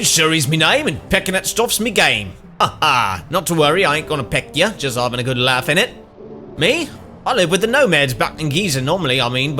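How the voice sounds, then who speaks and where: A man voicing a chatty, scatterbrained cockatrice bird in a broad working-class British dialect. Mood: jokey. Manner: bright, high, cheery sing-song.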